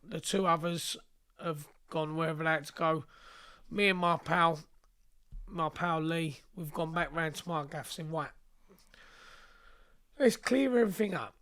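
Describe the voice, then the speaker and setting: High, bright man telling a story. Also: little pitch movement, clear, resonant tone. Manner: blunt, sweary, fast and rambling with restarts. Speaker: guest. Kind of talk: casual storytelling interview.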